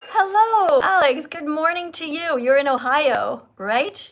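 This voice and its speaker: Animated teacherly woman streaming live. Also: high voice, unhurried. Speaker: livestream host. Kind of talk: casual livestream chat. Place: Italy.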